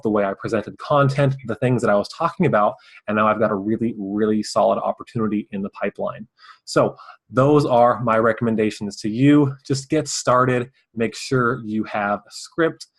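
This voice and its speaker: A man hosting his own video channel, giving fast, casual advice straight to camera and sometimes mumbling his words. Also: lowish voice, rough recording. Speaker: host.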